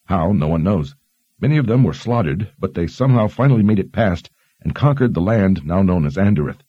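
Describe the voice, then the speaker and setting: A man voicing a learned young woman who explains history in a measured, explanatory way. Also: low voice, animated, mellow, husky, dry recording, dull audio. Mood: explaining.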